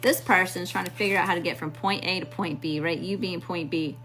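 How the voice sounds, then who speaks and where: A woman's voice: on the low side, fairly even intonation, fairly quick, a bit bright, faint music behind. A woman from Mississippi with a Southern accent, giving a blunt, slangy live tarot reading straight to her viewers. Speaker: tarot reader.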